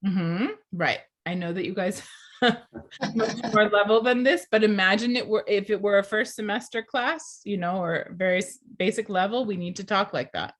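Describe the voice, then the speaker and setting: Woman, class lecture, teacher trainer, clear deliberate delivery, questions to the class, mid-pitched.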